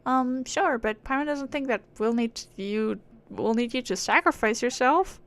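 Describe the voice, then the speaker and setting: A small, sassy female companion creature from a fantasy game, quick to call others out, as a woman reads her lines. Her voice sits a little high with a gravelly fry. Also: a bit bright. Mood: indignant. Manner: blunt, indignant.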